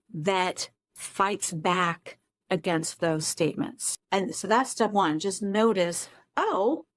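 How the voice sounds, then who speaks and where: A woman's voice: fairly low pitch, no room sound. A woman therapist explaining a self-esteem technique to camera from her home office, in a conversational way with self-deprecating asides. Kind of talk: casual talk-to-camera teaching.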